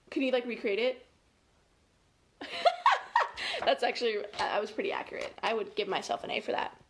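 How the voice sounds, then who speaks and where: Woman, high voice, picture-book read-aloud for kids, playful and chatty. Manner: playful, chatty, gasps and laughs while reading. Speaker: family educator.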